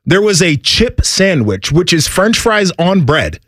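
A man's voice: high-pitched, sing-song, measured pace, fairly bright tone, dry recording, studio quality. A man co-hosting a radio show, telling a story in casual banter and sounding incredulous about food.

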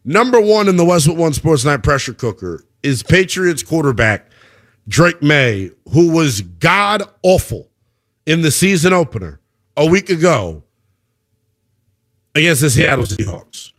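A man's voice: fairly high pitch, sing-song, measured pace, a bit bright. A man hosting a sports talk radio show, delivering an emphatic, opinionated monologue and taking calls.

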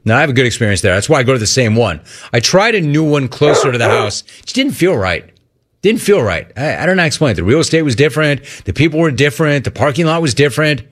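A middle-aged man hosting a call-in radio show. His delivery is lively and swings all over his range as he rants. He mocks cheerful greetings in a high voice. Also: very fast. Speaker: sports radio host.

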